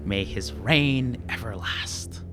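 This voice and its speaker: A man's voice: medium pitch, slow, background noise, close to an everyday voice. A man voicing a masked male elf invader who is mockingly polite. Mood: smug. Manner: smug, mock-courteous.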